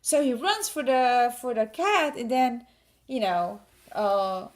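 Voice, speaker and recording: High-voiced woman retelling a story. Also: slow. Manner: animated storyteller, laughs often, acts out scenes. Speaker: podcast co-host. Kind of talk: casual chat.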